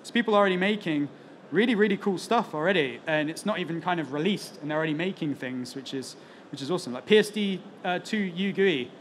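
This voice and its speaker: A man's voice: high-pitched, quick pace, slight background noise. A man presenting on stage at a conference as a product evangelist, chatty and joking, with lots of fillers. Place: conference talk in front of an audience.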